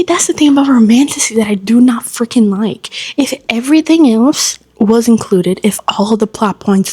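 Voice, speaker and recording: A woman book vlogger chatting at home in an animated, exclamatory way, swearing freely as she reacts. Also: mid-range voice, no room sound. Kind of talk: casual reading vlog.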